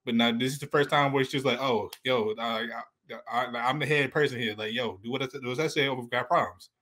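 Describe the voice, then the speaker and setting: Man, guest co-host, casual chat, rambling with restarts, slangy, middle pitch. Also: brisk, bright, forceful tone. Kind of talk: casual show review chat.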